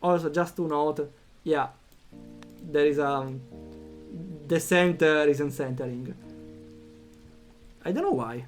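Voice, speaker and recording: A man streaming a story game, reading the text aloud and reacting with animated commentary. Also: fairly high pitch, takes it slowly, long pauses, soft background music. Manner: animated, reacts out loud, thinks aloud with fillers.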